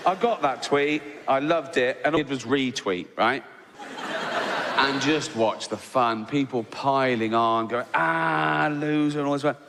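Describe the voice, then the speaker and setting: A middle-aged English man doing an animated stand-up routine, acting out voices and checking in with "right?" asides. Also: mid-range voice. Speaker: stand-up comedian. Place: large venue with audience. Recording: live stage recording with hall reverb and audience noise.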